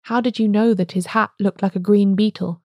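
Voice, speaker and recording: A man's voice: high voice, steady tone, fairly quick, a little mellow, dry recording. A woman voicing a frightened, guilt-stricken young clergyman who speaks tremulously in an audiobook reading. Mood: anguished. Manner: tremulous, anguished.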